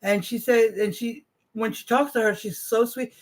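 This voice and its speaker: A woman's voice: a little high, steady tone, moderate pace. Chatty woman in her 40s rambling on a livestream, talks to viewers, drifts off into asides. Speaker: livestream host. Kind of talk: casual livestream chat with viewers.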